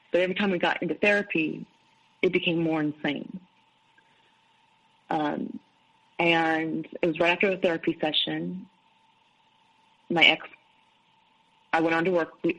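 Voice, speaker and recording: This deep-voiced, middle-aged woman is a guest in an interview, frankly recounting events from her own life and repeating others' words as quoted dialogue. The audio quality is poor.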